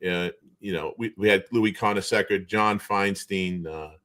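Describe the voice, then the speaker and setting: A man from the New Bedford, Massachusetts area, telling stories as an interview guest, animated and chuckling, with frequent restarts. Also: deep voice, unhurried. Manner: animated storyteller, chuckles often, trails off in restarts. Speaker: guest, former basketball player and show co-host. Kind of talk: casual storytelling interview.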